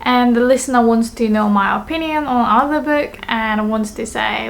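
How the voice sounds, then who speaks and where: A woman teaching Japanese in an online lesson, explaining clearly and slowing down to model phrases. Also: fairly high pitch, soft background music.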